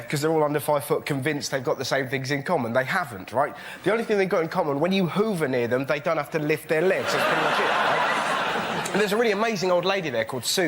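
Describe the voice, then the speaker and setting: Man, young, stand-up comedy, excitable, loud noisy recording. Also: a little high. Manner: quick, excitable storytelling with shouted punchlines. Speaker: comedian panellist. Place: TV studio with live audience. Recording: loud noise and audience laughter.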